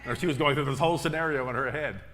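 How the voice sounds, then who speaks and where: A middle-aged man with a mid-range, slightly bright voice preaches very fast from a church sanctuary. He tells stories as minister, repeating phrases for emphasis, and the hall's reverb is clear on the recording.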